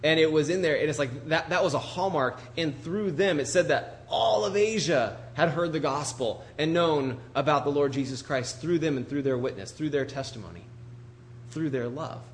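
Speaking at a normal speed in a slightly high voice, a pastor gives a conversational sermon peppered with rhetorical questions for his audience. Some faint background noise is present.

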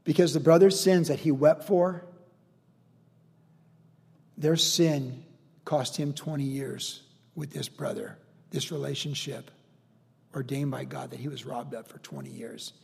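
A man's voice: mid-range voice, fairly even intonation, a little slow, vocal fry, long pauses, a little mellow, slightly rough, in a large hall. A man pastor teaching verse by verse through a Bible passage in an earnest, conversational and emotional way, with rhetorical questions.

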